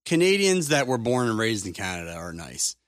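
A man co-hosting a podcast, agreeable and quick to laugh in easygoing banter. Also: on the low side, sing-song, no echo, studio quality. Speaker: podcast co-host. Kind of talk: casual chat.

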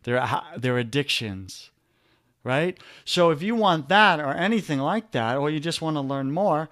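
A man with a New York accent, a coach and podcast guest, pitching his offers energetically and spelling out web addresses slowly. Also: expressive, a bit bright, dry recording, studio quality. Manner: pushy, repeats web addresses slowly, rallying.

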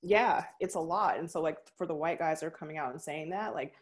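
A young woman with a low voice talks through her thoughts in a relaxed, reflective way. She laughs readily as she chats. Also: a little fast. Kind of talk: casual conversation.

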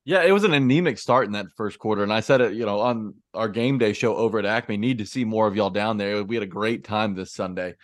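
Guy on a football podcast breaking down the game, calm and steady, dry mic. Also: lowish voice, fast talker, hardly any pauses, dry recording. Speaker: podcast co-host. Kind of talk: casual sports podcast analysis.

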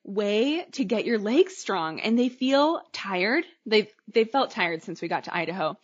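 A woman's voice: medium pitch, sing-song, unhurried, breathy edge. Woman podcast cohost, chatty, laughs a lot, muffled lo-fi sound. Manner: chatty, laughs often, trails off mid-sentence. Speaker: podcast co-host. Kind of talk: casual chat.

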